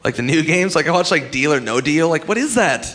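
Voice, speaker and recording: A man doing a stand-up comedy set, swinging into loud shouted impressions. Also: on the high side, lively intonation, a little fast. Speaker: stand-up comic.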